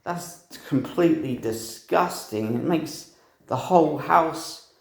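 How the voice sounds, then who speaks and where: A man's voice: fairly high pitch, takes it slowly, gravelly. A young man telling a rambling personal story, swearing freely and laughing at himself. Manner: profane, meandering, laughs at himself. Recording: roomy echo.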